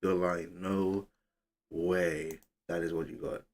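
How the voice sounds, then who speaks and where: A man's voice: low voice, flat delivery, slow pace, vocal fry, a little mellow. A young man hosting a casual livestream, chatting loosely, reading comments aloud and fumbling with his setup. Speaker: livestream host.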